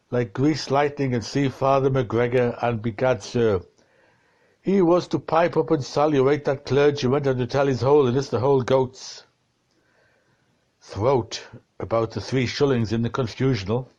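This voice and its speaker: A man reading a dense novel aloud, slow and deliberate, shifting his tone for the quoted exchanges. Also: mid-range voice, darkish tone, highs cut off. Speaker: reader of a novel.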